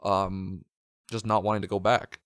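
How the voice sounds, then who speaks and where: A man's voice: fairly low pitch, level tone, fairly bright tone, clean tone, dry recording, clean studio sound. A young man co-hosting a casual podcast, talking with lots of fillers like "like" and "you know". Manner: fast, filler-heavy, lots of "like". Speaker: podcast co-host.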